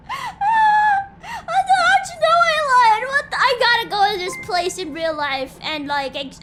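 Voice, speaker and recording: A woman streamer chatting excitedly during a live game stream, often squealing, shouting and laughing with joy. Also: very high-pitched, noisy background.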